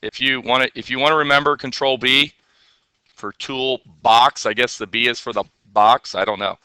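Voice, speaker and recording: A man teaching a classroom software lesson, chatty and playful, often checking the class with questions. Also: medium pitch, steady tone, moderate pace, clean tone, no room sound.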